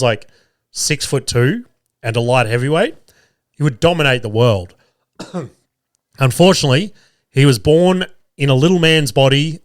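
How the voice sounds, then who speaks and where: A man's voice: mid-range voice, a bit bright, no room sound, studio quality. Australian man rambling about fights. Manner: rambling, swears often, many restarts and fillers. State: under the weather, coughing. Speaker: podcast host. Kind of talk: casual sports betting chat. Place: small studio. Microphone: studio mic.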